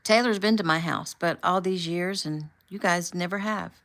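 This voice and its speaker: A woman reading the lines of an easygoing, good-humored young man in an audiobook, in a relaxed, mild way. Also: on the low side, moderate pace.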